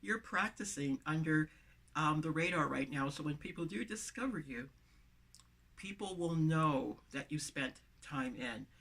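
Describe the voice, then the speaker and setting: A woman's voice: sits low, fairly bright tone, breathy edge. A woman with a lisp, speaking to camera as a motivational vlogger, with emphatic, repeated phrases, recorded inside a van on the camera mic.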